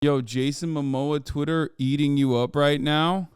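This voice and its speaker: A man's voice: a little high, measured pace, hardly any pauses, darkish tone, clear, resonant tone, no room sound, studio quality. A man in his thirties hosting a live stream, chatting casually, joking and reading chat aloud. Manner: jokey, hyped, reads chat aloud. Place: home studio in Los Angeles.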